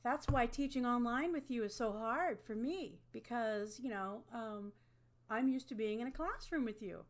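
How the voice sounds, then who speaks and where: Her voice is fairly high and her speed normal as she delivers an online lecture to her webcam. The tone is conversational, punctuated by frequent "okay?" check-ins.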